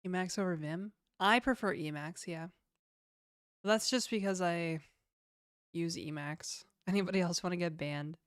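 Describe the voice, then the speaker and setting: A woman's voice: lowish voice, normal speed, no room sound, clean studio sound. A young adult woman with a Canadian accent chatting casually on a livestream, reading viewer questions aloud and answering them in a laid-back way.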